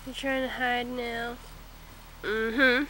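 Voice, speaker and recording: A woman's voice: on the high side, level tone, slow pace, pushed and bright. A woman filming her cat at home on a handheld camera, talking to it in teasing baby talk. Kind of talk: home video narration. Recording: noisy home video.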